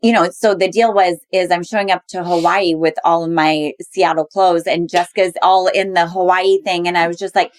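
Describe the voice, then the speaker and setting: Podcast guest, middle-aged woman; lower voice, reflective, searches for words. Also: fairly even intonation, normal speed, hardly any pauses. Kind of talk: candid conversational chat.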